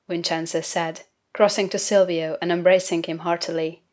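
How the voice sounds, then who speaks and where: A woman narrating a fantasy novel in a measured, unhurried literary reading. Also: on the low side, flat delivery, darkish tone. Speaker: audiobook narrator. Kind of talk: scripted narration.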